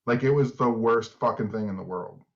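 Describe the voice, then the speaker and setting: A man's voice: medium pitch, normal speed. Rambling middle-aged man, dull lo-fi sound. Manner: rambling storyteller, many "like" fillers. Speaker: podcast co-host. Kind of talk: casual chat.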